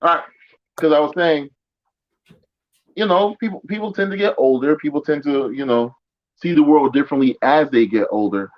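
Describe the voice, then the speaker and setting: A man co-hosting a casual podcast, speaking haltingly and restarting his sentences. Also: medium pitch. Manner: halting, hesitant, repeats himself. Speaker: podcast co-host. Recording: dull lo-fi audio.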